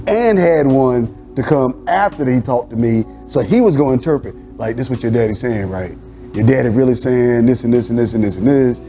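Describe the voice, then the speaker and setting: A man hosting a church talk show as a pastor, telling family stories in a lively, animated way. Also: mid-range voice. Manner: animated storyteller, acting out family dialogue with laughter. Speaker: pastor and host. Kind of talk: casual conversation.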